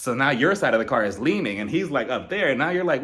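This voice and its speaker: A man's voice: mid-range voice, quick pace, hardly any pauses. A man hosting his own channel, giving a casual, jokey recap of a reality show episode. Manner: animated, jokey, mimics cast members. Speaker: reality TV review YouTuber.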